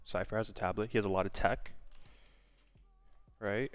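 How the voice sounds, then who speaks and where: A young man casually vlogging a daily guessing game, thinking aloud, excitable and swearing freely. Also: on the low side, normal speed, pauses often, no echo, faint music behind. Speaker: gaming content creator. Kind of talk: casual gaming vlog commentary. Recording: dry, slightly muffled home mic.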